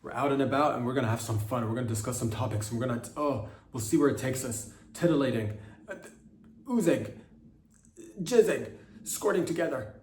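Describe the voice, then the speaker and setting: A man hosts a comedy podcast alone, rambling through a satirical monologue with halting restarts and mock-serious asides. He sits a little back from the mic in a roomy, echoing space. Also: medium pitch, fairly even intonation, a little hiss or hum. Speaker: podcast host. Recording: roomy echo, mic at a distance.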